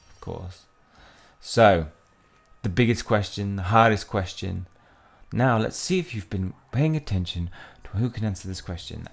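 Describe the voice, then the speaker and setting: A young man with a very low voice and a gravelly, creaky edge talks through a mobile game. He is chatty and rambling, reading the in-game text aloud and musing to his viewers between taps. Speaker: mobile game let's-play host. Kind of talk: casual gaming commentary.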